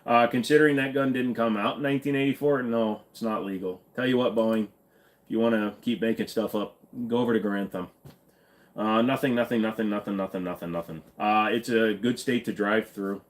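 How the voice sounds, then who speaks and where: A man's voice: fairly low pitch, fairly even intonation, brisk. Joking male livestream host. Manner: joking, reads viewer comments aloud. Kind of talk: casual livestream chat.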